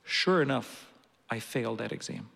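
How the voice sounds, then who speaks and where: A man's voice: mid-range voice, expressive, normal speed, gravelly, a bit bright. A man preaching a sermon, telling a personal story earnestly with some restarts. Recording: long reverb of a large hall.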